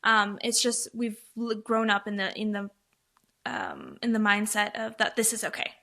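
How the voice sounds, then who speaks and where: A woman's voice: mid-range voice, very animated, moderate pace, vocal fry, bright, forceful tone. A young adult woman guest on a podcast, rambling with enthusiasm. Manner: rambling, many fillers and restarts, enthusiastic. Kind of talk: casual interview chat.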